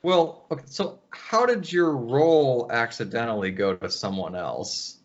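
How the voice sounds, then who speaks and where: A man's voice: medium pitch, expressive, unhurried, highs cut off. A man interviewing a guest, asking short questions between brief reactions.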